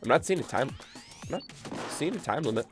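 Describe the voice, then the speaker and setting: A man commentating his own gameplay on a live stream, excitable and rambling, easily spooked by the game, with game music behind him. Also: medium pitch, brisk. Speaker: gaming streamer.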